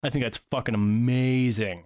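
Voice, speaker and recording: A man co-hosting a podcast in casual chat, animated, with sudden excited high-pitched bursts. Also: normal speed, no room sound, studio quality. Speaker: podcast co-host.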